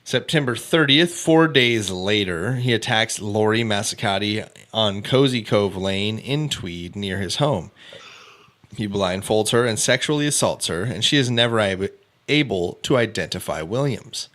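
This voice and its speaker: A man hosting a casual true crime podcast, reading out a case timeline with offhand asides and quick self-corrections. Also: on the low side, lively intonation, a bit bright. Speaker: podcast host.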